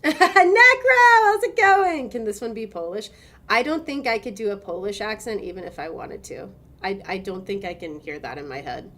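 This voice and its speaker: A woman's voice: mid-range voice, brisk, a bit bright. A young American woman streaming a game, chatting casually with viewers, laughing and swearing now and then. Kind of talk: casual gameplay commentary.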